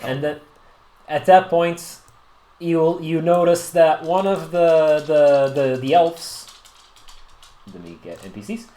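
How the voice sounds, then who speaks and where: A man's voice: a little high, animated, takes it slowly, pauses often, warm tone. A man narrating as the game master of a tabletop game, chatty and often restarting his sentences. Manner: chatty, hesitant, with many restarts. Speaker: dungeon master.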